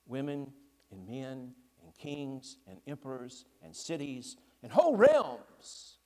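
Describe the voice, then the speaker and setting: A man voicing a stern, ancient male lion in a storybook reading during a sermon, speaking low, quiet and unhurried. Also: huge pitch swings, long reverb tail.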